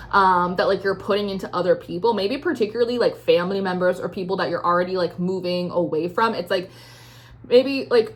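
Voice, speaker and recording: A woman giving a casual tarot reading, talking loosely with lots of fillers and acting out feelings with animation. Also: medium pitch. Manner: chatty, many "like" fillers, swears freely; acts out the listener's feelings in a raised, animated voice. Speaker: tarot reader.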